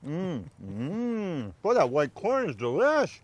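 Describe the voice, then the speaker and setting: A man's voice: fairly high pitch, huge pitch swings, takes it slowly. A man co-hosting a cooking show, joking around and asking the guest questions. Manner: playful, joking, asks questions. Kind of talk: casual cooking show banter.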